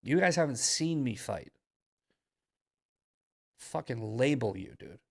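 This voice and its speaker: A man's voice: mid-range voice, expressive, takes it slowly, vocal fry, darkish tone. A male podcast host giving heated, profane commentary in an angry ranting manner.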